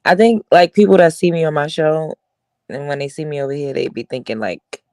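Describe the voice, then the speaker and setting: A woman chatting in a relaxed, low-key, sleepy way, lying at home in bed. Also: fairly quick, dry recording, clean studio sound. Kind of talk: casual chat.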